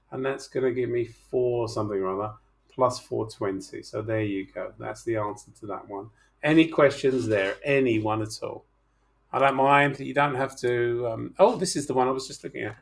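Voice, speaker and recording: A man's voice: mid-range voice, vocal fry. A middle-aged man teaching chemistry in an online class, talking through problems in a chatty, teasing way and coaxing his students to speak up.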